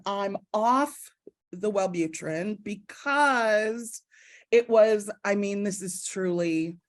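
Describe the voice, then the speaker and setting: An American woman with a Midwestern accent talks slowly and drily, answering interview questions with wry, self-deprecating humor. Her pitch sits mid-range, and she is heard over a video call. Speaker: author and guest. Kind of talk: casual interview.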